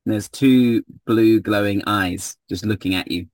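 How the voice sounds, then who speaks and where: A man narrating a tabletop game as game master, relaxed and hesitant, filling pauses with ums. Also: fairly low pitch, no room sound.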